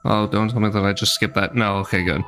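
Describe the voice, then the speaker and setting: A man streaming a game gives blunt, joking commentary in a relaxed voice. His pitch sits low, and soft music plays quietly behind him. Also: fast talker. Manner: chatty, blunt, self-deprecating. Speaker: VTuber streamer. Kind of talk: casual gameplay commentary.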